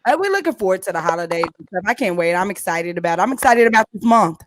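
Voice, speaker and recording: A woman's voice: medium pitch, expressive, fast talker, slight background noise. A woman hosting a casual church youth show, chatting playfully with a lot of laughter and preachy asides. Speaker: host.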